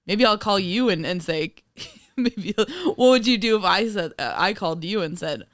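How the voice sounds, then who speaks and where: A woman's voice: mid-range voice, expressive, moderate pace, no echo, clean studio sound. Giggly young woman co-hosting a chat. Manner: playful, giggly, jokey. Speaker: podcast co-host. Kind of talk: casual chat.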